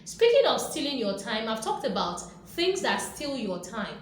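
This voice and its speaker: High-voiced woman in a very echoey room. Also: big pitch swings, normal speed. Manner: emphatic, repetitive and playful, acting out quoted reactions. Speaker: motivational video host. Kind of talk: motivational talk to camera. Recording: very echoey room with faint background noise.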